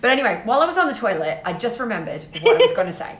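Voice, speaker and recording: A woman's voice: fairly high pitch, very animated, very fast, fairly bright tone, reverberant, rough recording. A woman with an Irish accent co-hosting a podcast in casual chat, teasing and laughing easily. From Ireland. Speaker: podcast co-host.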